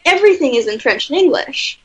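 A woman's voice: high voice, lively intonation, a little fast, dull audio, slight background noise. A young woman from Canada, co-hosting a casual chat in a rambling, chatty way and laughing often. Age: young adult.

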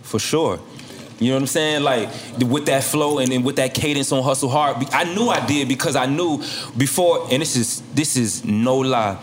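A man's voice: mid-range voice, moderate pace, a little hiss or hum. A man, a rapper, talking casually in an interview, laid-back and slangy with lots of fillers. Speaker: rapper guest.

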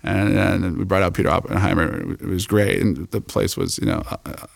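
A man telling a story as an interview guest, animated and acting out the people he quotes. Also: low voice, fairly quick, gravelly, no room sound.

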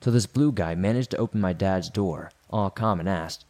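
A man narrating a first-person horror story in a steady, scripted delivery. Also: deep voice, fairly quick, hardly any pauses.

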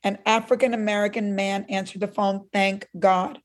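A guest in a conversation, this woman from Cuba has a medium-pitched voice and talks at a normal speed. Her storytelling is animated, and she acts out each voice she quotes.

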